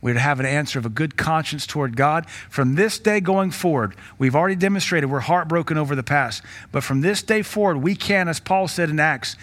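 Exhorting Southern pastor, slightly high voice. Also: male voice, a bit bright. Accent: Southern American. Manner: exhorting, rises sharply when voicing quoted rebukes. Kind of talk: sermon.

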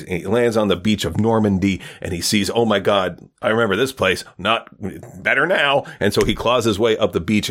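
Podcast host, male, very low voice, loose rambling joke delivery with lots of fillers. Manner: rambling storyteller, many fillers and restarts. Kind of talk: casual joke telling.

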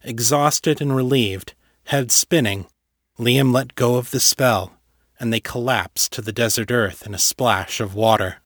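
A man reading a fantasy story aloud in a steady, measured narration. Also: mid-range voice, no echo, clean studio sound. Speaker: audiobook narrator.

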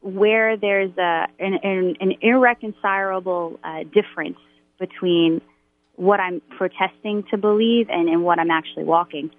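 A woman's voice: medium pitch, steady tone, normal speed, dry recording. A woman musician candidly sharing a faith testimony in a radio interview, with nervous laughter between phrases. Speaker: Catholic worship musician, guest. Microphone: phone. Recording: tinny phone line.

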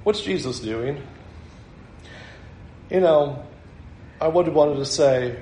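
Male pastor, unhurried delivery, slightly high voice, echoey room with faint hiss. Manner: animated, acts out scenes with laughs. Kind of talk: sermon.

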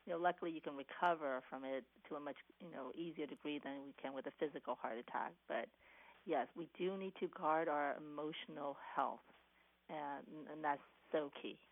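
A woman's voice: sits low, fairly even intonation, moderate pace. A woman cardiologist, a guest in an interview, answering earnestly with many restarts and "you know"s. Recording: tinny phone line.

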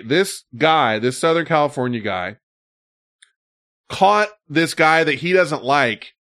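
Male host, animated and chatty; a mid-range voice that acts out quotes in its stories. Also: medium pitch. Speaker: podcast host. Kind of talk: casual chat.

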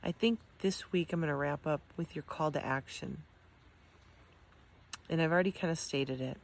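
A woman's voice: sits low, moderate pace, creaky. Earnest encouraging middle-aged woman. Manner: earnest, encouraging, with frequent ums and restarts. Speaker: amputee sharing her experience. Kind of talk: heartfelt motivational talk to camera.

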